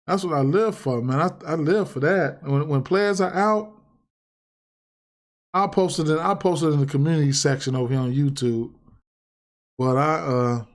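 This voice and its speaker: A man's voice: mid-range voice, darkish tone. A man ranting casually and profanely on a livestream about sports bets, repeating himself and getting heated. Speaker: sports betting streamer.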